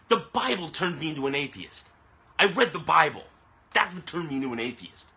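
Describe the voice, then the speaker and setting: A man vents his frustration on a live stream, cursing heavily as he talks to the camera. His voice is a little high, pushed and bright, recorded via camera mic on a phone or webcam stream.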